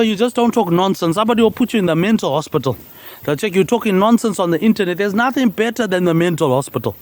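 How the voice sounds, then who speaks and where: A man with a notably high voice talks in a free-flowing improvised monologue. He rambles from thought to thought, repeats set phrases and tacks "mate" onto the end of many lines. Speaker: social media personality.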